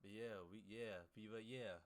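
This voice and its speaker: Man, low voice, casual livestream chat, rambling, swears a lot, hyping up his viewers. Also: steady tone, moderate pace. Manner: rambling, profane, pep-talk to chat. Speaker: day trader streaming to viewers.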